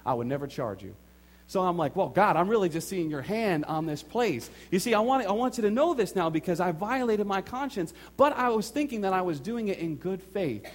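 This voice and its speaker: Lively higher-voiced man preaching testimony. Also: fairly quick. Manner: animated storytelling, acts out his own and others' quotes; repeats phrases for emphasis. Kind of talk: sermon testimony.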